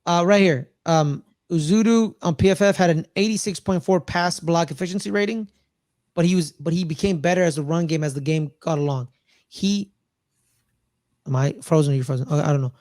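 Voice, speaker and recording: A man co-hosting a casual sports podcast, rambling and excitable, often repeating himself. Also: a little high, a little fast, no echo. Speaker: podcast co-host.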